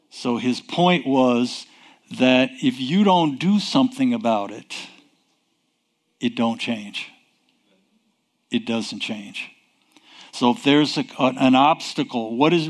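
A man preaching a sermon, emphatic and deliberate, posing rhetorical questions and answering them himself. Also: mid-range voice.

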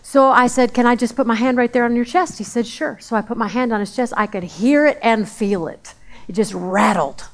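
A woman's voice: on the high side, fairly quick. A woman preaching a sermon in a conversational way, repeating phrases for emphasis.

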